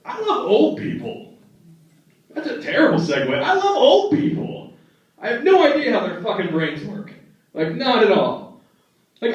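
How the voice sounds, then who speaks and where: Animated young man doing stand-up. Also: high voice, far from the mic. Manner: animated storytelling, acting out family members in quick voices. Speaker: stand-up comedian. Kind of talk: stand-up comedy set. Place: comedy club stage. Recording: echoey, dull club recording from the back.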